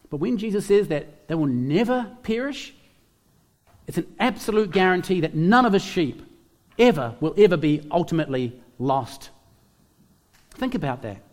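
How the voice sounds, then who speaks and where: A man's voice: sits high, big-room sound. A man preaching a sermon, emphatic, repeating key phrases and putting questions to his listeners. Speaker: pastor.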